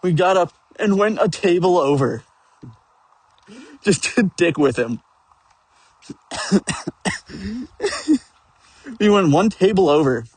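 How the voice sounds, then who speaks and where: Husky-voiced man rambling through a story. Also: high-pitched, lively intonation, a little slow, long pauses, no echo. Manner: profane, rambling, with frequent chuckles. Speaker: tabletop game player telling a story. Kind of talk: rambling casual storytelling rant.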